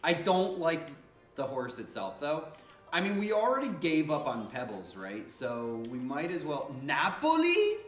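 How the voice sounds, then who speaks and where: A man's voice: fairly high pitch, measured pace, roomy sound, faint music behind. A man giving casual, joking, slangy gameplay commentary as a streamer. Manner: animated, joking, slangy and profane.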